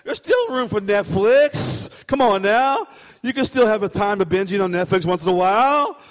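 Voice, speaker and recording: A man preaching as pastor in a church, animated and emphatic, repeating his points. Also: sits high, normal speed, in a large hall, soft background music. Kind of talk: sermon.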